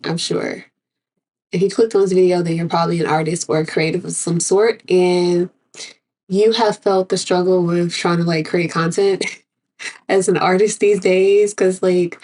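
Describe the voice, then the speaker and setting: A young woman speaks in a relaxed, unscripted vlog, wandering through her thoughts with plenty of "like" and "um." Her voice sits a bit low and sounds husky, with a stuffy, congested edge from a cold. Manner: rambling, filler-heavy, thinking aloud. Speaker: artist vlogger. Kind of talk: casual unscripted vlog talk.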